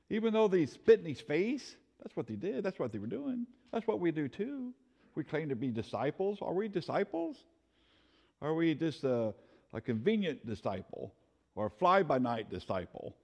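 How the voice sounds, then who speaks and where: A man leads a church Bible study with a fairly high and very animated voice. He tells stories, laughs often and keeps the class engaged, while a long reverb lingers behind him.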